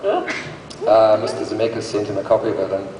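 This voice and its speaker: A man's voice: on the low side, very animated, normal speed, a little mellow. Man, panel actor, chatty, roomy hall echo, faint hiss. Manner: chatty, laughs as he explains. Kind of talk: anecdote and explanation to an audience. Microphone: phone recording from the audience. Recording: echoey hall from far off, faint noise.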